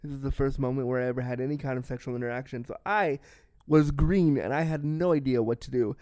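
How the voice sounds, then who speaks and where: On his podcast, a man talks fast in a steady, darkish, medium-pitched voice, recounting a personal story frankly and at his own expense. He swears freely and performs the other people in it, and the recording is dry.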